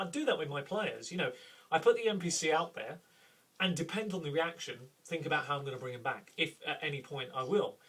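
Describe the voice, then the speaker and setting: Middle-aged man from the UK, chatty host, slightly raised pitch, husky. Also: fairly bright tone, far from the mic. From United Kingdom. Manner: chatty, self-deprecating, thinking aloud. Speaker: host, game master. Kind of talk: tips talk for tabletop game masters.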